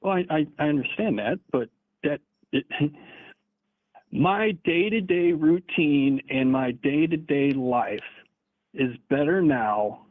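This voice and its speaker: A man's voice: on the high side, animated, slow. A man debating on a call, dismissive and brushing off the arguments. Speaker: caller in a debate. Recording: tinny phone line.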